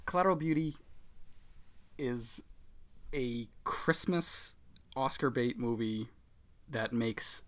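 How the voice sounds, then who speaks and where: A man co-hosting a podcast, talking in a loose, sarcastic way and swearing freely. His voice sits at a middle pitch for a man, and he often laughs as he talks. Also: slow pace, pauses often. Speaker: podcast co-host. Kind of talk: casual chat.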